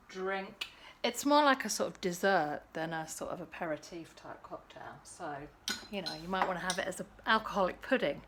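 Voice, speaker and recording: A woman's voice: medium pitch, a bit bright, slight background noise. A woman hosting a casual cocktail-making vlog at home, chatty and playful. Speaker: host.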